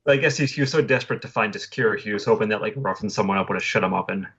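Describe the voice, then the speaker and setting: A man's voice: lowish voice, very fast, fairly bright tone, breathy edge, dull audio. A man co-hosting a casual film review podcast over a video call, explaining scenes in detail. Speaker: podcast co-host.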